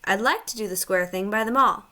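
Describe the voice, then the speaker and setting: A woman's voice: mid-range voice, a little fast, sharp tone, lightly acted. A woman voicing a humble, plain-spoken male London cab driver with a Cockney accent, talking in a deferential, folksy, hesitant way. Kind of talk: audiobook reading.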